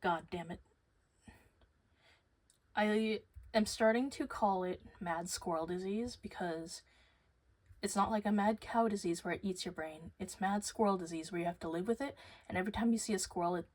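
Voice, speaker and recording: A woman's voice: medium pitch, normal speed, darkish tone. A young woman rambling casually to camera, swearing freely and losing her train of thought. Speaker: vlogger.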